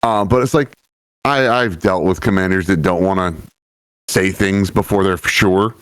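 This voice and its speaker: A man's voice: deep voice, moderate pace, a bit bright, clean tone, no echo. Blunt man playing a tabletop game. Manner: blunt and matter-of-fact. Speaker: player. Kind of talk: tabletop role-play.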